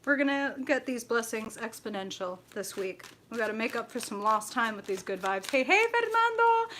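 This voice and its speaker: A woman's voice: moderate pace, slight background noise. A woman hosting a live tarot stream, chatting with viewers and laughing often. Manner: laughs often, greets viewers with high excited shouts. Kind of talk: bubbly live-stream chat.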